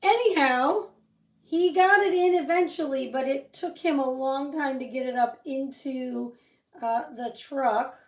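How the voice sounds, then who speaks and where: A chatty woman with a high voice rambles through a story while she crafts on a livestream. She sits a little back from the mic, and the room gives her voice a roomy echo. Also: unhurried, far from the mic. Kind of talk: casual chat while crafting.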